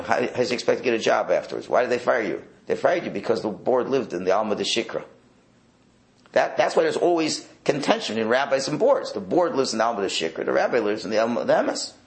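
A rabbi with a lowish voice teaches a Torah class in a wry, animated manner, sprinkling Hebrew and Yiddish words throughout.

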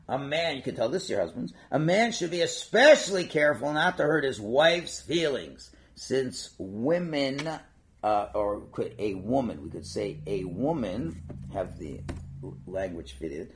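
An older man teaching a casual religious class, digressing and acting out quotes with lots of feeling. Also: a little high. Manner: animated, digressive, acts out quotes.

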